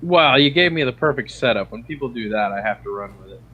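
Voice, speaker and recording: A man's voice: medium pitch, expressive, quick pace, slightly rough, lo-fi sound. A man joking around as a guest on a video call panel. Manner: joking, laughs a lot. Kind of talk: casual chat.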